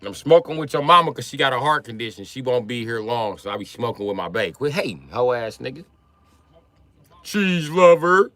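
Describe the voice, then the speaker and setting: A man's voice: medium pitch, animated, quick pace, hardly any pauses, bright, forceful tone, dry recording. A man from Wisconsin ranting profanely and mockingly on a livestream. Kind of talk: profane comedic rant on a livestream.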